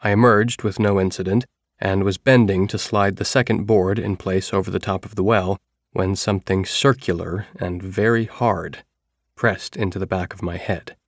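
Man, very deep voice, audiobook narration, measured, dry close recording. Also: fairly even intonation, dry recording. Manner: measured first-person storytelling.

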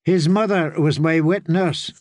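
A man's voice: on the high side, fairly even intonation, measured pace, darkish tone, no echo, studio quality, pitched above the performer's own voice, close to an everyday voice. A man voicing a proud, scheming princess. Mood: soothing.

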